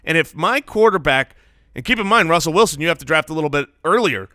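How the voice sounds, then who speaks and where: Bright lively guy co-hosting a sports podcast, jokey, dry close mic. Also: on the high side, fast, dry recording. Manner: animated, playful, jokes and sings snippets. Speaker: podcast co-host. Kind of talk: fantasy football podcast chat.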